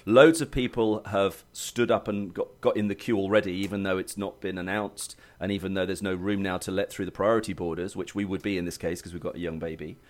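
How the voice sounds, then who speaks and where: Low-voiced chatty man. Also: steady tone, fairly quick, few pauses. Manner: chatty storyteller, rambling with restarts and laughs. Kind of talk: casual chat.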